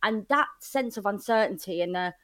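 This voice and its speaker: A woman, a podcast guest speaking from her flat, chatty and candid, with many "like" fillers. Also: medium pitch, normal speed. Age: 30s. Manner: chatty and candid, heavy use of "like". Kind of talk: casual conversational interview.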